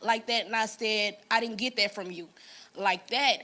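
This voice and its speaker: A woman's voice: mid-range voice, moderate pace. A woman, sharing a personal testimony in an earnest, conversational way. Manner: earnest storytelling, quotes people in lively voices. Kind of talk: casual church talk, personal story.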